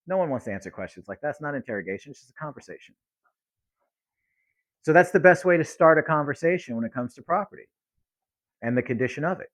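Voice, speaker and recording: A man's voice: fairly high pitch, animated, quick pace, a bit bright, no echo. A man coaching real estate investors on talking with sellers, in a blunt, direct teaching manner. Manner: blunt, acts out both sides of calls. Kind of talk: teaching monologue with acted phone lines.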